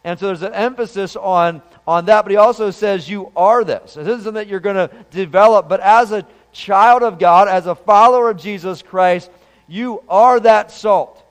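A man preaching in a church with a fairly high, smooth and resonant voice. He keeps it conversational, putting questions to the congregation. His voice carries a long hall reverb from the sanctuary. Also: moderate pace. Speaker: pastor. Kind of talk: sermon.

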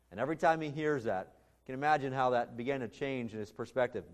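A man's voice: medium pitch, quick pace. Earnest man preaching a sermon. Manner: earnest, emphatic preaching with restarts. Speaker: pastor.

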